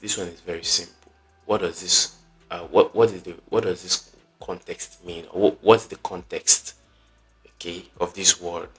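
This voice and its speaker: Deep-voiced man teaching exam prep. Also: fairly bright tone. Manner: chatty teacher, peppers talk with okay and right; emphatic, repeats key points. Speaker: exam tutor. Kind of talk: online exam-prep lesson.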